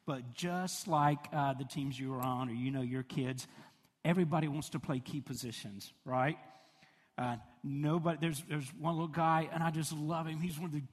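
A middle-aged pastor preaches in a relaxed, chatty way, drifting into personal stories with easy laughs. His voice sits a little high and has a husky edge. The sound rings out with a long reverb, as in a large hall. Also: moderate pace. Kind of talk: sermon with personal storytelling.

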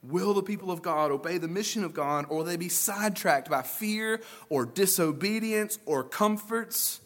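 A man delivering a Sunday sermon with a somewhat high voice. He talks in an easygoing, conversational way, slipping into casual paraphrases and stories. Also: moderate pace, fairly bright tone. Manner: conversational preaching with folksy asides and paraphrased dialogue. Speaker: pastor.

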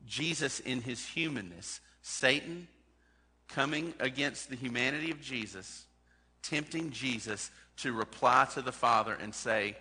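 A man's voice: mid-range voice, unhurried, bright, forceful tone, slightly rough. A man preaching a sermon as a pastor, talking in a conversational way and putting direct questions to his congregation. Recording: long hall reverb.

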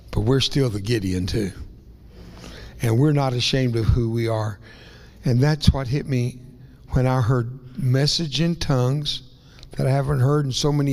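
A man's voice: mid-range voice, a little mellow. A man preaching as a guest in a Pentecostal church, folksy and rambling, with self-deprecating asides and a voice that rises and breaks into tearful whispers. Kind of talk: emotional Pentecostal sermon. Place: church sanctuary. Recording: long church reverb.

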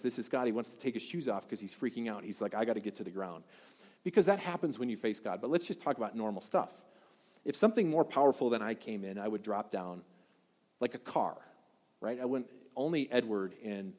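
A pastor from Wisconsin giving a sermon, an animated storyteller who keeps asking the crowd questions. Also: male voice, mid-range voice, big-room sound.

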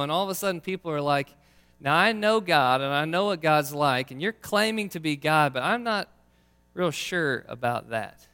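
Male pastor, slightly high, crisp delivery; relaxed storytelling sermon with long hall reverb. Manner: casual, conversational storytelling.

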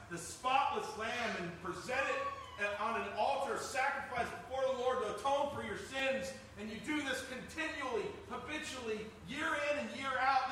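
A man's voice: very high voice, sharp tone, a little hiss or hum. A man preaching a sermon as pastor, talking conversationally with joking asides. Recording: echoey room, distant mic.

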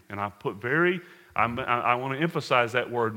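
Earnest American pastor in a reverberant hall. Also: male voice, medium pitch, animated, normal speed, pushed and bright. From United States. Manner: earnest, addresses congregation as folks, numbered points. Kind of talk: sermon. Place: large hall with congregation.

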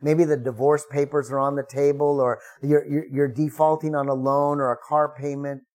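A man's voice: fairly high pitch, flat delivery, moderate pace, a little mellow. A middle-aged man, a pastor, preaching a sermon in a conversational way, acting out the prayers he quotes with rising emphasis.

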